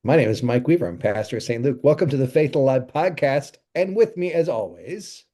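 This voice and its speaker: A man's voice: medium pitch, lively intonation, brisk, warm tone. A man who is a pastor, hosting a podcast in easygoing casual chat and rambling through stories. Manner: easygoing, chuckles, rambling storytelling.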